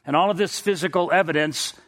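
A man preaching a sermon, retelling a scripture story with animated, emphatic storytelling. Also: fairly high pitch, fast talker.

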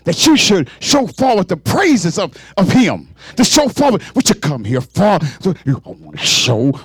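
A man preaching a fervent sermon in call-and-response style, building up to shouts. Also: sits high, very animated, moderate pace, husky, dry recording.

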